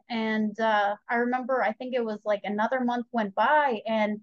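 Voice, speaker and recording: A young woman telling her own story as a podcast guest, chatty and animated, acting out what she and others said. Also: on the high side, normal speed, dry recording. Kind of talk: candid personal storytelling. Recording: slightly dull lo-fi audio.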